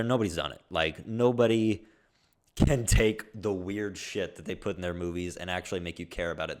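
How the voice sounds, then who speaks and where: A young man in a casual movie review vlog, talking excitably and swearing freely as he gushes. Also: deep voice. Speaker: movie vlogger.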